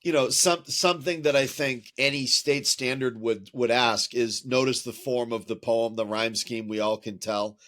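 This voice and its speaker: A man's voice: mid-range voice, steady tone, moderate pace, hardly any pauses, fairly bright tone. A man, a teacher and podcast co-host, chatting casually and explaining things patiently, sometimes tapping out rhythms aloud. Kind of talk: casual chat.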